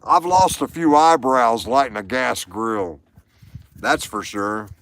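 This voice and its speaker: A man's voice: mid-range voice, takes it slowly. A middle-aged man hosting a live stream, telling jokes and chatting casually with viewers by name. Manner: animated, jokey, addresses viewers by name. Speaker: livestream host. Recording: noisy background.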